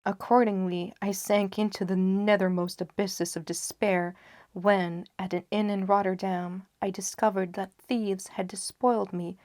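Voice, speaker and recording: A woman reading a gothic horror story aloud in a hushed, often half-whispered voice with slow, dramatic pacing. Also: mid-range voice, little pitch movement, no room sound, studio quality. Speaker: audiobook narrator.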